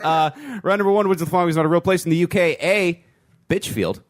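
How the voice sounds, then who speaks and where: A man's voice: fairly high pitch, fast, no room sound, clean studio sound. A man hosting a comedy podcast, reading out a listener's quiz game with crude jokes and mock-serious delivery. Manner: joking, crude, reads quiz options with mock gravity. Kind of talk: casual comedic podcast banter.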